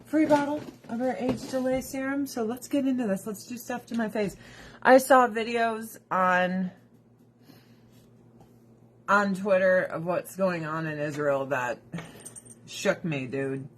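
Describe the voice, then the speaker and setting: A woman's voice: medium pitch, a little slow, long pauses, a little hiss or hum. A woman hosting a casual livestream from home, ranting bluntly with plenty of profanity. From United States. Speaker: livestream host. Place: at home with pets.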